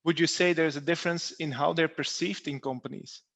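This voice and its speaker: Gravelly moderator man, hesitant. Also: a little high, steady tone, brisk, a bit bright. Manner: hesitant, many "uh" fillers. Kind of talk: reading audience questions.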